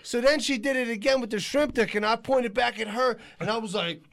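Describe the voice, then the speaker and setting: A man co-hosting a casual podcast, telling an animated, profane story and laughing his way through it. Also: extremely high pitch, brisk, vocal fry, noisy background. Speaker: podcast co-host. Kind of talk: casual storytelling among friends.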